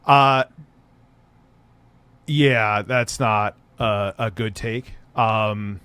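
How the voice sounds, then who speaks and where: A man co-hosting a heated online interview who speaks in a halting, hedging, uneasy way. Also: fairly low pitch, pushed and bright, clean tone.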